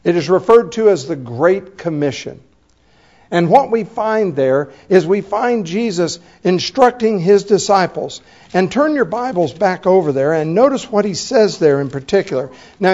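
A man preaching a sermon, reading scripture and slowing down to stress the quoted words. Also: sits high, expressive, darkish tone. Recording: dull lo-fi recording.

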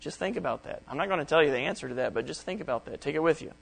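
In rapid-fire, animated delivery, a middle-aged man with a slightly high, gravelly voice reads Bible verses and explains them in plain words during a study sermon. The audio is poor.

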